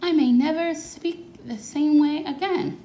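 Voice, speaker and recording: A woman voicing a distraught old grandfather in a picture-book read-aloud, shrill and dramatic. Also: measured pace, dark tone, a little hiss or hum. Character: upset old grandfather who lost his teeth. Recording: echoey room.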